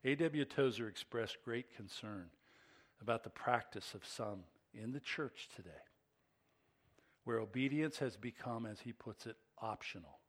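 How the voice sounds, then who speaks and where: A middle-aged man preaching a sermon as pastor, swinging between hushed asides and emphatic, excited peaks. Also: medium pitch, measured pace.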